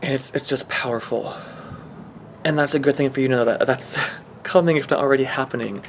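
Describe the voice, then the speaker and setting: Fairly quick and medium-pitched, a man delivers a channeled spiritual reading full of emotion and sincerity. His sentences wander and restart, and a slight hiss or hum sits under the audio.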